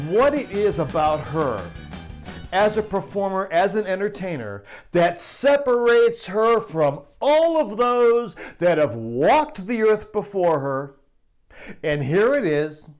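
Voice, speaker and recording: A middle-aged sound crew chief tells a backstage story in a chatty, easygoing way, laughing as he goes. His voice sits a little high for a man, and faint music plays softly behind him. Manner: chatty, laughing, acts out quotes. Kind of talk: storytelling anecdote.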